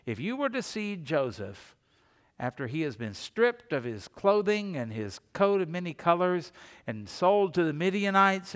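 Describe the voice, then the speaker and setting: A man's voice: a little high, a bit bright, smooth, long reverb tail. A male pastor giving a sermon, telling Bible stories and briefly acting out the people in them. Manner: storytelling preacher who acts out quoted characters.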